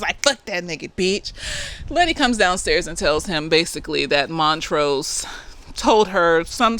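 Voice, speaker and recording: A low-pitched woman who works as a therapist reviews a TV episode casually and slightly tipsy. She's profane and lively, acting out the characters' lines as she goes.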